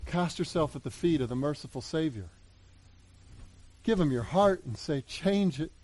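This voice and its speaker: A man preaching a sermon in an earnest way, moving between loud appeals and hushed asides. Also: fairly high pitch, lively intonation, normal speed. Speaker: pastor.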